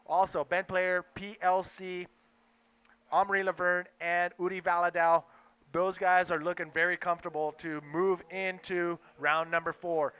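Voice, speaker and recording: A young man calling a live sports event, excitable and quick to react to the action. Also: high-pitched, clean tone. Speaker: play-by-play commentator.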